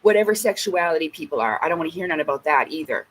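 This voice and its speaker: A woman's voice: deep voice, lively intonation, very fast, slight background noise, rough recording. A woman vlogger in a casual ranting monologue, blunt and emphatic, swearing heavily.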